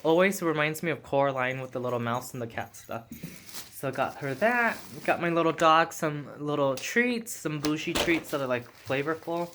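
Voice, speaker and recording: A man's voice: a little high, moderate pace, a bit bright, a little hiss or hum. A young man in casual vlog chat, upbeat and filling his talk with "like". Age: young adult. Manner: chatty, upbeat, many "like"s. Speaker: vlogger.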